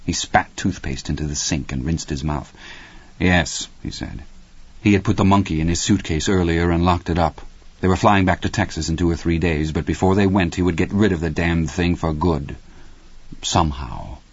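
Deep guy reading an audiobook, dry close mic, bit muffled. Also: normal speed, husky, no echo. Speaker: audiobook narrator. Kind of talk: scripted audiobook narration.

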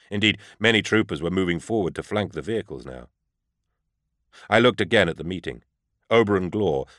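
A man reading a first-person story aloud in a grave, measured storytelling manner. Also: low voice, a bit bright, dry recording, clean studio sound. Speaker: audiobook narrator. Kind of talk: first-person scripted narration.

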